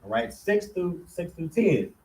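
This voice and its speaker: Slow, methodical man teaching a class. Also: a little high, very animated, dark tone. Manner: slow, methodical, repeating syllables one by one. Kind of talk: classroom lesson.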